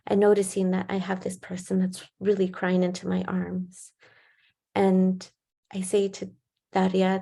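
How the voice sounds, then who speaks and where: Woman, gravelly, flat delivery, calm measured case presenter. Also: mid-range voice. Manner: calm, measured storytelling with soft fillers. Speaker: perinatal mental health clinician.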